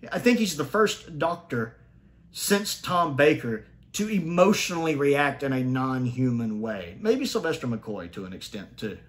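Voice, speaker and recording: With a sing-song, slightly slow delivery, a man offers an offhand, opinionated review of a TV episode. He thinks aloud, keeps restarting, and pushes his pitch upward to emphasize what matters to him.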